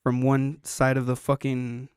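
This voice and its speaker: Profane storytelling man, smooth voice. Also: mid-range voice, measured pace, no room sound, clean studio sound. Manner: animated, profane storytelling, acting out quotes. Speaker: podcast host. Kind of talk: casual storytelling chat.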